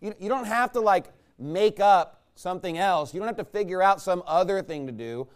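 A man's voice: high voice, lively intonation, normal speed, smooth. A man preaching a conversational sermon in a folksy, rambling way, checking in with the congregation with rhetorical questions. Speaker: pastor.

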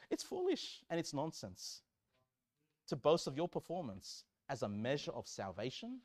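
Fervent high-pitched preacher man. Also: huge pitch swings, a little slow. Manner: emphatic, swings from loud fervor to quiet asides. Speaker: pastor. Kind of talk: sermon.

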